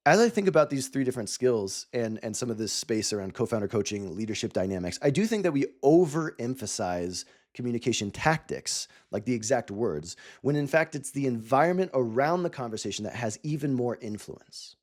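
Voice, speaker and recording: A man's voice: mid-range voice, very animated, fairly quick, few pauses. A man giving a coaching talk to founders, earnest and explaining step by step with examples. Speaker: cofounder coach.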